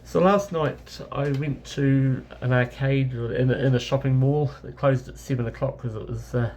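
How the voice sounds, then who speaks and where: Rambling New Zealand man with gravelly voice. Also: medium pitch, steady tone, moderate pace, darkish tone. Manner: rambling anecdotal, with many self-corrections and fillers. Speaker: travel vlogger. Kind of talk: casual travel storytelling.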